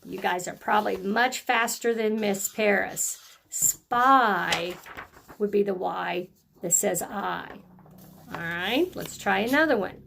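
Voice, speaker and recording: A woman teacher leading a phonics lesson for young children, speaking slowly and encouragingly and stretching out letter sounds. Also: medium pitch, vocal fry, fairly bright tone, slight background noise.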